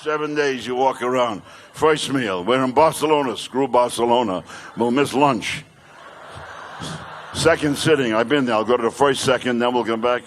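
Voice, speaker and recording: An older male comedian doing stand-up, telling brash rapid-fire jokes. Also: medium pitch, slight background noise.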